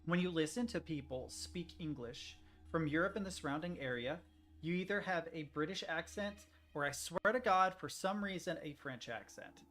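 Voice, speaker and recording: A young man from the United States casually chats to his stream while gaming, his voice a little high, a bit bright, and at a moderate pace. Soft music plays underneath as he rambles and talks to chat.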